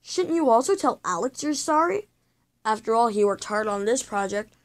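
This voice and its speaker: Female reader as a disappointed teacher from a storybook, measured and a bit high. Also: expressive, lightly acted. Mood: gently scolding. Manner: measured, gently scolding. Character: patient, disappointed female schoolteacher.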